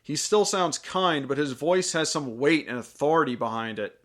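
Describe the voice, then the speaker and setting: A man delivering scripted film review commentary. He talks with a sarcastic, jokey edge. His voice sits slightly high. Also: expressive, moderate pace.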